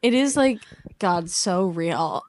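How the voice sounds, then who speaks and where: A woman's voice: lowish voice, slow. A young woman in her twenties co-hosting a podcast, chatting casually and acting out the people in her stories with lots of laughter. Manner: animated storytelling, acts out quoted people, laughs often. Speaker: podcast co-host. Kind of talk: casual chat.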